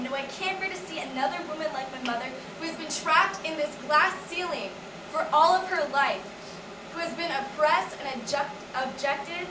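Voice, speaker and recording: Defiant young woman in an echoey hall. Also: sits high. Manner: defiant, emphatic declarations. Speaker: student performer. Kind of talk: spoken word monologue. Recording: echoey hall from far off, noisy.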